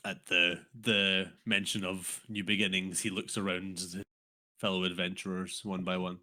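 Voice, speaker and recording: A man's voice: low voice, flat delivery, moderate pace. A man playing a tabletop game, joking and swearing freely between in-character lines. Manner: laughing, swears freely, bright and forceful. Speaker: player. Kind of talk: casual tabletop play.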